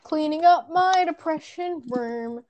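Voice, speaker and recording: A woman's voice: high-pitched, a little mellow. A young Australian woman chatting casually while gaming, joking, swearing and laughing often. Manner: joking, profane, quick to laugh. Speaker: gamer.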